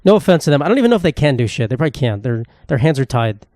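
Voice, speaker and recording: A man's voice: medium pitch, big pitch swings, racing, a little mellow, no room sound, clean studio sound. A young man, hosting a solo comedy podcast in a profane, sarcastic, rambling rant. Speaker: podcast host.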